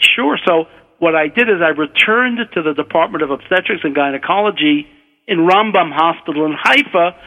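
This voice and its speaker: An older man from Brooklyn spins a relaxed, wry anecdote in an unhurried, conversational way. His voice sits a little high for a man. The sound is a dull radio broadcast with a long reverb around it. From Brooklyn, USA. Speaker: physician and author guest. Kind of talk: anecdotal storytelling.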